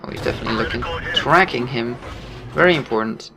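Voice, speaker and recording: A man giving casual commentary over his own gameplay, relaxed, laughing often and explaining his moves. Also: medium pitch, quick pace, heavy background noise.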